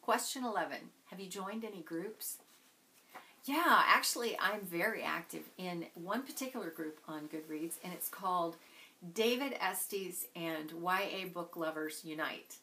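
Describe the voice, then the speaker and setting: A woman's voice: fairly low pitch, measured pace, sharp tone, a little hiss or hum, low-quality recording. A woman vlogger chatting casually and enthusiastically about books she loves. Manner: gushing, enthusiastic. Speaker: book vlogger. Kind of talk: casual chat.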